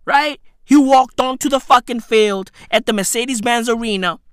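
A woman's voice: fairly high pitch, moderate pace, clean tone, dry recording, clean studio sound. A woman hosting a show, ranting with heavy swearing, exasperated and stammering through restarts. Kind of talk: profane comedic rant.

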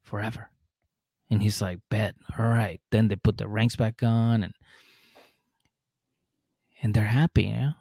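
A man with a low, gravelly voice recaps a reality show for his podcast, loose and rambling. The sound is close and dry, with no room around it. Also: steady tone, unhurried, pauses often, warm tone, dry recording. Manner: laid-back, rambling, acts out quotes in mocking voices. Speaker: podcast co-host.

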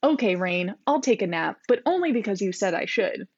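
A woman's voice: medium pitch, expressive, normal speed, darkish tone, husky. A woman voicing a sleepy girl pilot heroine while reading her childhood fanfiction aloud. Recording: dull lo-fi recording.

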